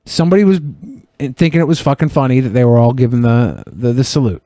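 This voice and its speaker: A man's voice: mid-range voice, fast, dark tone, dry recording. A man hosting a podcast, talking in blunt, profane and rambling casual commentary. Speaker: podcast host.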